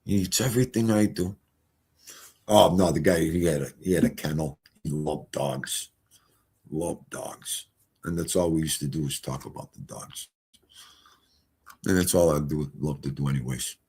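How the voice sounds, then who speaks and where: Gravelly rambling man. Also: very deep voice, normal speed, a little mellow. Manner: rambling, folksy storytelling. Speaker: live streamer. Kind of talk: casual live-stream chat.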